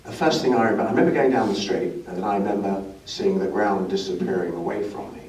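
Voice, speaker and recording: Older raconteur, low voice, wry and self-deprecating, distant mic in a roomy hall. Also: male voice, fast, a little hiss or hum. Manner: lively, self-mocking, wry humor. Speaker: guest speaker. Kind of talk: anecdotal storytelling to an audience. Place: club brunch function room. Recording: echoey room, recorded from a distance.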